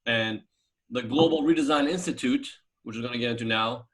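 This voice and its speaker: A man's voice: mid-range voice, fairly quick, a bit bright. Casual rambling man hosting a video chat. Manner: casual and rambling, heavy fillers. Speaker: host.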